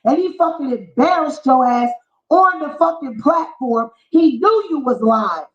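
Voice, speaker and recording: Ranting woman vlogger, high voice, cursing and mocking, echoey lo-fi room. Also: animated, a little slow. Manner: profane, heated, mocking rant. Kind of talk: ranting commentary vlog. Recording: echoey, dull lo-fi room sound.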